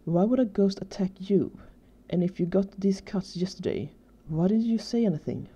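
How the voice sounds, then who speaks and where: A woman voicing a calm, methodical female social worker in a storybook reading. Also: medium pitch, moderate pace, husky, lightly acted. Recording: dull lo-fi recording.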